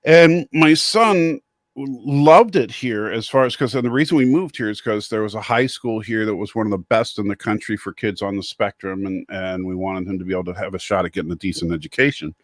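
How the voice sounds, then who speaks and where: A middle-aged American man appears as a guest streamer, chatting casually on a video call in a halting way, often restarting his sentences. His voice is fairly low, recorded with clean studio sound and no echo.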